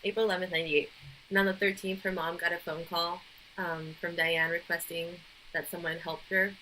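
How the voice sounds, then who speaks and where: A woman co-hosting a podcast chats loosely and recounts a creepy story, chatty and giggly and loose with details. Her voice is on the low side, flat, brisk, bright, and forceful. The recording is low quality with slight background noise.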